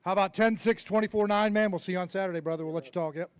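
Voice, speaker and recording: A man with a high, clear, resonant voice races along as he emcees a fishing tournament weigh-in on an outdoor stage, with no echo in the recording. Announcing live, he banters and jokes with each angler while reading out the weights.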